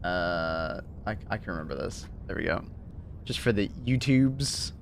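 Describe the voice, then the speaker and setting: Laid-back man streaming, lively voice. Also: sits low, a little slow, creaky, slight background noise. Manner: laid-back, slangy, laughs often. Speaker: live streamer. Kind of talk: casual live-stream chat.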